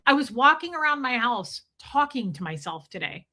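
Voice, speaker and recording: A middle-aged woman streaming live, chatting to her viewers and telling a story with deadpan, animated quotes. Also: a little high, a little fast. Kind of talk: casual storytelling to a live chat.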